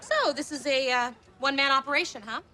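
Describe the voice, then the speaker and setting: An actress playing a pushy caterer in a sitcom, handing out free tacos. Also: female voice, high-pitched, fast, pushed and bright. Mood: wry. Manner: pushy and exasperated. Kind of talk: sitcom acting. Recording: background noise.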